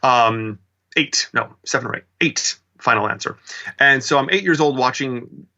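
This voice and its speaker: A man's voice: medium pitch, moderate pace, lo-fi sound. A man in his forties with a Midwestern accent, telling stories as an interview guest in a chatty, self-mocking way. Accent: Midwestern American. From American Midwest. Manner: chatty, animated, self-mocking with many fillers. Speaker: interview guest, drag performer. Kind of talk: casual storytelling interview.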